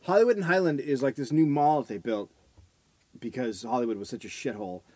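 A man's voice: mid-range voice, a little fast, mellow, no room sound. A man hosting a podcast, telling crude stories in casual comedy chat. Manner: crude, rambling storyteller. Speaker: podcast host.

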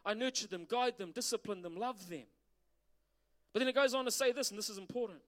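A man's voice: sits high, a little fast, pauses often. A middle-aged man preaching a sermon as pastor, asking the congregation questions. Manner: animated preaching with rhetorical questions.

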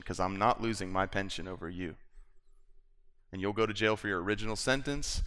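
Guy preaching, tells his story with lots of acted-out voices, kinda low but bright tone. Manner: animated storytelling, acts out quoted voices, nervous stammers. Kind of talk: sermon with personal story.

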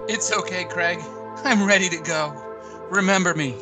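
Goofy high-ish male podcast co-host. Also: normal speed, over music. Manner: goofy, over-the-top dramatic. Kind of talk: comedy skit banter.

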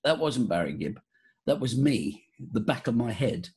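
A man's voice: mid-range voice, unhurried. An older man, a vocal coach, telling stories animatedly in a casual interview, often restarting his sentences. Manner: animated storyteller, voices quotes, frequent restarts.

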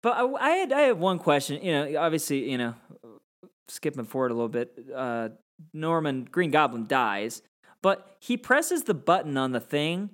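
A man's voice: fairly high pitch, big pitch swings, normal speed, fairly bright tone. A man co-hosting a casual movie podcast, joking playfully and tossing out mock character voices. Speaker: podcast co-host.

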